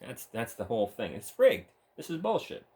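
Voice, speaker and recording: A man's voice: medium pitch, wildly swooping pitch, moderate pace, a little mellow. A man delivering a solo monologue, ranting with scorn and a lot of swearing. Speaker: channel host.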